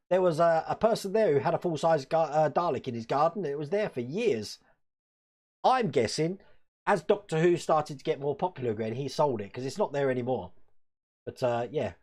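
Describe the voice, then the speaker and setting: A man's voice: a little high, darkish tone. A man from Wales hosting a casual live stream from his hobby room, rambling, chuckling often and answering chat.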